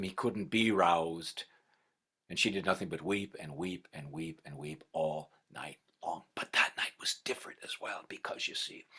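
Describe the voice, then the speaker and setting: A middle-aged male storyteller tells a folktale with lively, expressive delivery, dropping to whispers and rising loud. His voice sits lowish, bright and a little husky. He often stops to talk straight to his listeners. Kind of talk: oral folktale telling.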